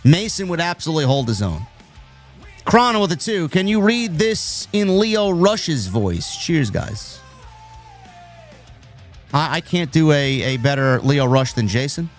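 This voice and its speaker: New york guy hosting a stream, reads out chat messages, kinda high voice, loose and rambly. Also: sing-song, unhurried, faint music behind. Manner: rambling, restarts, reads viewer messages aloud. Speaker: host of a wrestling live stream. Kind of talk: casual live-stream chat.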